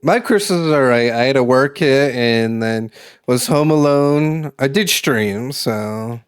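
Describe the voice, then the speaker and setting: A man's voice: mid-range voice, unhurried, clear, resonant tone. A man from Massachusetts streaming, chatting casually with viewers in a rambling, laid-back way that swears and laughs easily. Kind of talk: casual chat with live chat.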